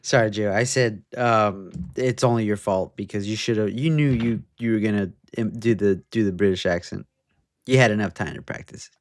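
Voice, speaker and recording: A young man co-hosting a casual political podcast, cutting in with quick, teasing remarks. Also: fairly low pitch, dry recording. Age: young adult. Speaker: podcast co-host.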